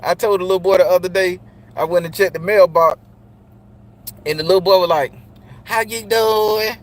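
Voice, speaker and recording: A man's voice: high-pitched, fairly even intonation, a little fast. A middle-aged man talking to other men in a blunt, profane, preachy monologue, speaking directly to his listeners. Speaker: channel host speaking to men. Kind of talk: casual spoken monologue.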